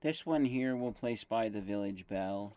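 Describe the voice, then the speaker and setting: A man's voice: fairly low pitch, measured pace, dark tone. A man casually commentating his game stream, thinking aloud with fillers and self-corrections while chewing gum.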